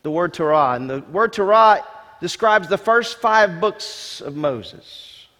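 A male pastor delivers a sermon in a high voice, pressing each point with repeated words and rhetorical questions. His voice rings out with a long reverb, as in a large church hall. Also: expressive, takes it slowly, bright, forceful tone. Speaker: senior pastor.

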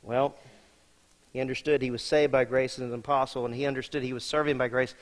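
A man preaching a sermon as senior pastor, emphatic and talking straight to the congregation, dropping from loud to hushed. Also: mid-range voice, flat delivery, fast talker. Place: church sanctuary. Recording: long reverb of a large hall.

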